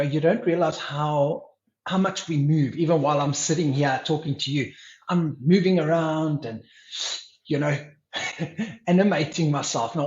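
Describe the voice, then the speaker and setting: A man tells a story as a podcast guest, playing out his own thoughts in quoted voices. His voice sits fairly high. The recording is roomy and a little dull. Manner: animated, acts out his own inner dialogue. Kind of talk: storytelling in conversation.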